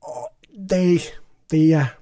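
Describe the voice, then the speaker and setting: A man's voice: on the high side, steady tone, slow pace, mellow, no room sound. A man co-hosting a casual fantasy league chat, easygoing and laughing as he runs through results.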